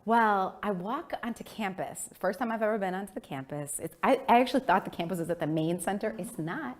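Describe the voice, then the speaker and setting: A woman in her thirties giving a keynote speech, telling stories with animated delivery and acted-out family voices. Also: a little fast. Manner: animated, acts out family voices with big pitch jumps. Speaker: keynote speaker. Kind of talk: storytelling speech.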